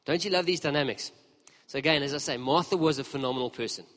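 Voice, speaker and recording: A man's voice: on the high side, fast. Man preaching in a reverberant hall. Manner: storytelling, lively and conversational with the congregation. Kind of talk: sermon. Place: church hall. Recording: long reverb of a large hall.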